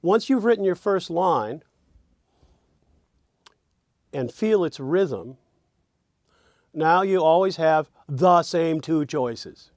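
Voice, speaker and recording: A man's voice: a little high, animated, slow, pauses often, a little mellow, no echo, clean studio sound. A man teaching songwriting in a reflective lecture, often sounding out rhythms with sung syllables.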